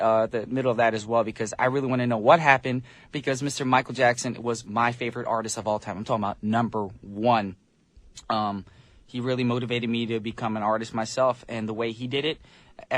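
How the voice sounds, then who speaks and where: A man's voice: mid-range voice, a bit bright, no room sound. A man working as a radio DJ, chatting casually and upbeat between songs, rambling a little with fillers. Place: radio studio. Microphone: studio microphone.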